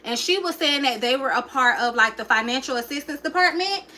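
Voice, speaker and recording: A young woman tells her own story on a livestream in an emotional, chatty way and keeps turning to her viewers. Her voice sits high and rings bright. Faint noise hums under her talk. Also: animated, brisk, rough recording. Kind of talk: casual personal storytelling.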